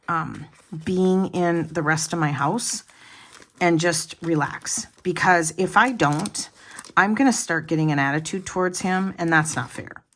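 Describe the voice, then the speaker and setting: A woman's voice: fairly low pitch, unhurried. A woman vlogger chatting casually to her viewers, rambling along with many restarts and asides. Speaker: planner vlogger.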